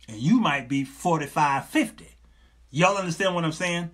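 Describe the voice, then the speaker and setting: A man, hosting a live talk show in a loose, animated way and acting out both sides of his stories. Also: fairly high pitch, moderate pace. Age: 50s. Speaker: show host.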